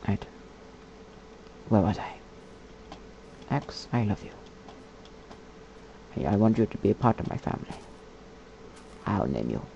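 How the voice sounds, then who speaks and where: A man giving casual gameplay commentary in a put-on character voice, muttering, whispering and chatting to the animals on screen. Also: dark tone. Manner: puts on a slow, low, gravelly character voice. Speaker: gamer. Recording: dull lo-fi mic with faint hiss.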